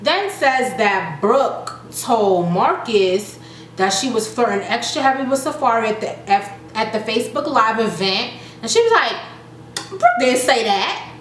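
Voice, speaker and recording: A young woman chats through a reality show recap, jumping into each quote with a lively, fairly high voice. She laughs easily as she goes. The sound is echoey, with a faint hiss behind her. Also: measured pace. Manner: chatty, animated, acts out quotes with laughter. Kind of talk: casual recap vlog. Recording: echoey room with faint noise.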